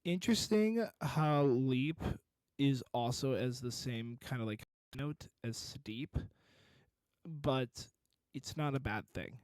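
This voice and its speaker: A man's voice: mid-range voice, slow pace, a little mellow, dry recording. A man reviewing a song in casual commentary, encouraging and detailed about vocal technique.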